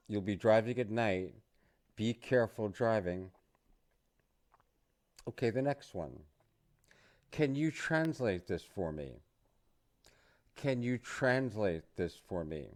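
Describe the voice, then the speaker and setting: A middle-aged man leads a casual English lesson, saying each phrase slowly and repeating it for learners. His voice sits low and his pace is unhurried, with plenty of room between phrases. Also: animated, darkish tone. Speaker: English teacher.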